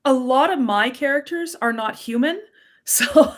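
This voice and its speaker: Female co-host, chatty and giggly, slightly high voice. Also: measured pace, a bit bright. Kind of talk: casual chat.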